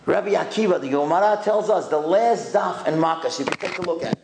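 A man giving an animated sermon, telling stories and swinging from high excited calls to low solemn tones. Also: fast, roomy sound, noisy background. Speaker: rabbi giving a talk.

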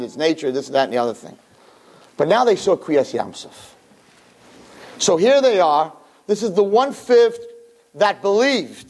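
High-pitched male teacher giving a lively Torah lesson to a roomful of listeners. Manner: animated, acts out dialogue with big pitch swings; Hebrew verses read then translated. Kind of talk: Torah class lecture to a live audience. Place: room with listeners.

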